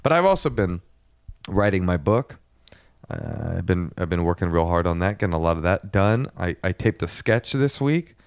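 A man's voice: low voice, animated, normal speed, clean tone, dry recording, studio quality. A man co-hosting a podcast, chatting casually and joking in a playful, exaggerated way. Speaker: podcast co-host. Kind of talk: casual comedic chat.

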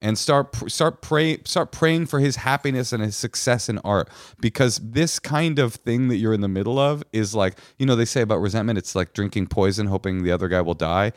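A man's voice: on the low side, fairly quick, few pauses, no room sound, studio quality. A man co-hosting an advice podcast, talking bluntly and emphatically and swearing freely. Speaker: podcast co-host giving advice. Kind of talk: casual advice chat.

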